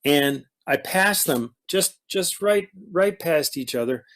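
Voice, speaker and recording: In a casual conversation, a middle-aged actor spins stories haltingly, rambling and restarting often. His voice is a little high, expressive, and fairly bright in tone.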